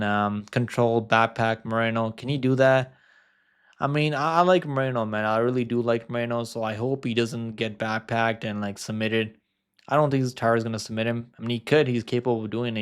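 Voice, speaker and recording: A man's voice: medium pitch, clean tone. A man giving casual fight predictions, rambling with lots of fillers and restarts. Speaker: MMA predictions host. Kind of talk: casual fight-pick commentary.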